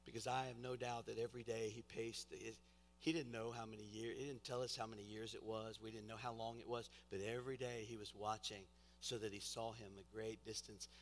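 A man preaching a sermon, exhorting with repetition and swinging from hushed, quiet passages to loud emphatic ones. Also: mid-range voice. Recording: reverberant hall with faint music.

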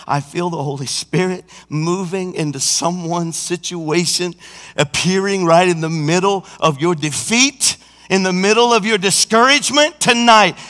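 A man preaches a sermon from a church pulpit in a high, bright voice. He moves from quiet, confiding passages to shouted peaks, and now and then he sings or acts out a scene. A long hall reverb trails every phrase. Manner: swings from hushed intimacy to shouted climaxes; breaks into song and acts out scenes. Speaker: senior pastor. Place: church sanctuary.

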